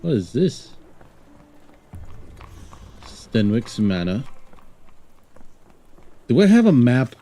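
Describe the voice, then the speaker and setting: Fields: Sex: male. Role: game streamer. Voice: mellow, lively pitch. Style: joking let's-play chatter. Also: drawn-out words, pauses often, a little hiss or hum. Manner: rambling, joking, reads game text aloud. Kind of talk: casual let's-play commentary.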